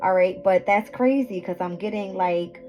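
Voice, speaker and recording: A woman's voice: mid-range voice, moderate pace, highs cut off. A woman giving a casual astrology and tarot reading to viewers at home, scattered and swearing, often tripping over her words. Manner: scattered, swearing, self-interrupting, laughing at own slips. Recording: background music playing.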